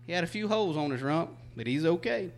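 A man's voice: a little high, animated, fast. A man reciting a rhyming cowboy poem on stage, then telling a folksy story in a drawl. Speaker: cowboy poet performing.

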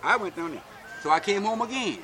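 This older Alabama man, interviewed for an oral history, delivers childhood memories in a folksy manner, peppered with "see?" His high voice swings widely in pitch, and he talks briskly with a bright, forceful tone.

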